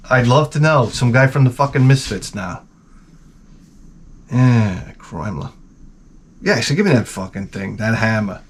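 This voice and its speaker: A man's voice: mid-range voice, slight background noise. A man in his forties, the channel host, telling a profane, rambling comedic rant.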